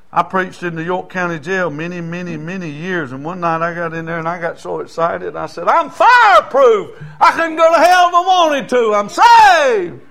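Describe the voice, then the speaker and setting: Man, high voice, middle-aged, pastor preaching, folksy storyteller, bursts of shouting. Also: gravelly. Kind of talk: sermon.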